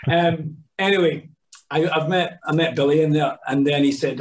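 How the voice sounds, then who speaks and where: A man's voice: fairly high pitch, moderate pace. A middle-aged Scottish man, an actor, telling rambling anecdotes on a podcast, with lots of restarts and asides. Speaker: actor guest. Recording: voice a bit distant from mic.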